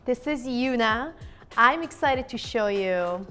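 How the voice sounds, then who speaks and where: A woman's voice: fairly high pitch, expressive, takes it slowly, a bit bright, soft background music. A young woman hosting a home cooking demonstration, chatting playfully with viewers as she works in her kitchen. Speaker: cooking channel host.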